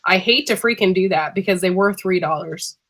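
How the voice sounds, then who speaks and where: Bright-voiced sick woman host chatting. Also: lowish voice, brisk. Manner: chatty, laughing, says freaking a lot. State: sick, coughing. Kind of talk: casual live-stream chat.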